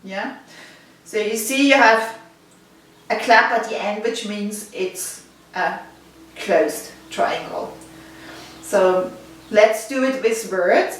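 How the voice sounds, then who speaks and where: Slow-talking woman teaching in an echoey room. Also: mid-range voice. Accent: Swiss German. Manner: patient, counting rhythms aloud, checks in with listeners. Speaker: body percussion teacher. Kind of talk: instructional video lesson. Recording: very echoey room, distant mic, faint noise.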